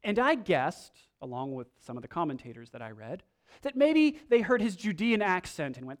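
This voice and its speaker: A man's voice: high-pitched, moderate pace. A male pastor preaching a sermon, reading scripture dramatically and acting out the characters' lines. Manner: animated, dramatic reading with acted-out quotes.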